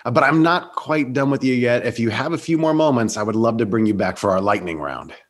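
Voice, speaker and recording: A man hosting an interview, upbeat and laughing often as he fires off quick quiz questions. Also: medium pitch. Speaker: interview host. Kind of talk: podcast interview with quiz round.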